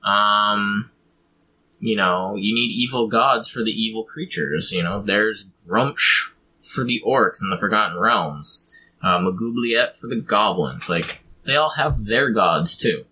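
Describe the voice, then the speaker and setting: A man's voice: on the low side, a little slow, sharp tone, slightly rough, rough recording. A man in casual chat, explaining how to build a fantasy pantheon, rambling with frequent ums. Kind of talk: casual chat about tabletop game design.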